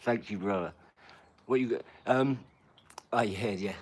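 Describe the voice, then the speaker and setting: A man's voice: fairly low pitch, moderate pace, a little mellow, husky. A man, chatting casually on a live stream and bantering with a troll in his comments.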